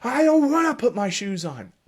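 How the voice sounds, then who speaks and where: A man's voice: very high-pitched, sing-song, normal speed, husky, pitched above the performer's own voice, full character voice. A man voicing an upset small child who is refusing to put on shoes, whiny and defiant.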